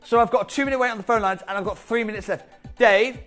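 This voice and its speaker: A man presenting live on a shopping channel, talking viewers through a sale with an urgent, chatty sales pitch. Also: fast, fairly bright tone, faint music behind. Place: TV studio.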